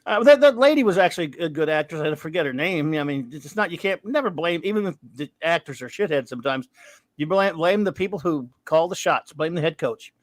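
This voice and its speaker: A man's voice: fairly high pitch, expressive, brisk, no echo. Wry rambling male podcast host. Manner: rambling, wry, trails off into mumbles. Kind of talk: casual review chat reading listener grades.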